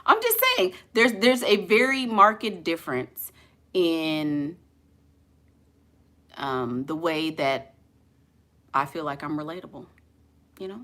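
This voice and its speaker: A woman's voice: low-pitched, sing-song, slow pace, long pauses, a bit bright. A woman vlogger chatting casually and jokingly with her live viewers, laughing often.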